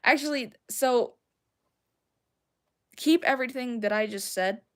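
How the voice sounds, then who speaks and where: A woman's voice: fairly high pitch, unhurried. A young woman with a Southern American accent, casually rambling and giggling as she chats with her livestream viewers. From Southern United States. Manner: rambling, giggly, self-deprecating. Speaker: streamer. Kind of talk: casual livestream chat, answering chat.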